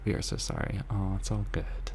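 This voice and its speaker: A man with a deep, gravelly voice talks softly in an ASMR live chat. He rambles in a tender, earnest way and sometimes drops into a whisper while he answers his viewers. A faint hiss sits under his voice. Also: fairly even intonation, moderate pace. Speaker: ASMR channel host reading viewer messages.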